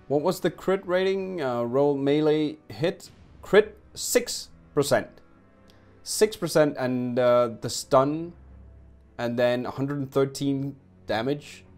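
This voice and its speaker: Excitable man with lively pitch. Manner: excitable, talks to his units. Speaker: let's play streamer. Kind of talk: game commentary.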